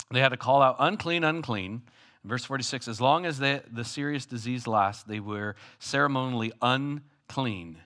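A male pastor delivering a sermon in an animated way. He rises into loud calls and drops into hushed, close asides. His voice sits in an ordinary middle pitch.

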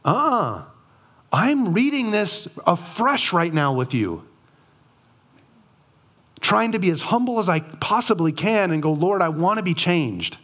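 Earnest male Bible teacher, slightly high voice, unhurried and reflective. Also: big pitch swings, a bit bright. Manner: earnest, reflective, asks rhetorical questions. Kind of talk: devotional Bible reading and teaching.

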